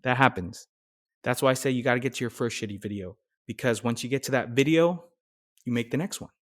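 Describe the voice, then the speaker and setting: Energetic man coaching new creators. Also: mid-range voice, brisk. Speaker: nurse content creator. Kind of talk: casual how-to talk.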